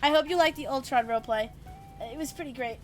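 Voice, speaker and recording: A woman streamer chatting casually on a live stream, energetic, swearing freely and giggling. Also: high voice, quick pace, soft background music.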